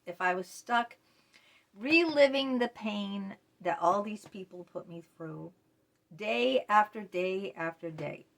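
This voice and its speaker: Female self-help vlogger, mid-pitched, earnest and confessional, addresses the camera directly and repeats herself. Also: a bit bright. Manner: earnest, repeats phrases, speaks straight to viewers. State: voice tight, choked up.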